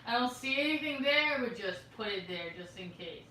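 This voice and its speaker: A woman's voice: a little high, animated, moderate pace, bright, forceful tone, slight background noise. A woman in casual dinner-table chat with a friend, chatty, laughing often and sometimes dropping to a murmur. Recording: roomy, echoey sound from a distant mic.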